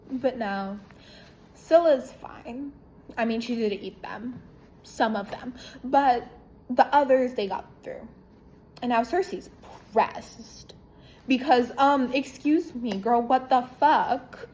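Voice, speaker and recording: Female book reviewer, slow-talking, irreverent and profane, casual chat. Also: on the high side, slight background noise, poor audio. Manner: irreverent, profane, animated retelling.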